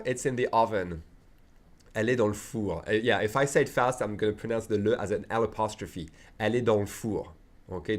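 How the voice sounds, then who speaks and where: A man teaching a French lesson, slowly modeling French phrases, adding chatty asides, and checking in with "okay?" after each point. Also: on the low side. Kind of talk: online language lesson.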